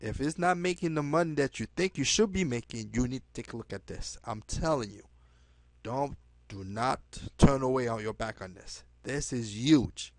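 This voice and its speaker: A man making a direct-to-camera sales pitch as a network marketing recruiter, pushy and halting, dropping "okay?" again and again, with loud bursts of emphasis and quiet trailing asides. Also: no room sound. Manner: pushy, repeats "okay?" often, halting restarts.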